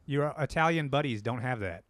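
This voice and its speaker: A man co-hosts a casual podcast chat and talks in an animated, opinionated way, swearing now and then. His voice sits at an ordinary middle pitch. The recording is dry and close, with no room in it. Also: a little fast, dry recording. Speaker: podcast co-host.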